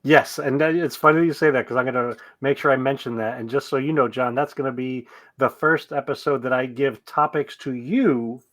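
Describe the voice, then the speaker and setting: A man chatting as a podcast co-host, easygoing and a bit rambling. He drops dry little jokes. His voice sits in a middling pitch. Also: steady tone, normal speed, hardly any pauses, a bit bright. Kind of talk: casual podcast chat.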